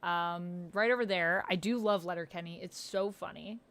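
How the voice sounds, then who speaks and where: A Canadian woman streamer chats casually with viewers at a moderate pace, her voice a bit bright. She rambles, reads chat aloud, laughs often, and her pitch leaps up when she's surprised.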